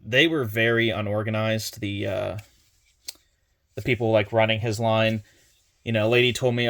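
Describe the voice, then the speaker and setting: A man's voice: fairly low pitch, steady tone, normal speed, a bit bright. A young man casually retelling a convention visit, rambling with fillers and restarts as he quotes conversations. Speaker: collector vlogger. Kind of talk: casual convention haul recap.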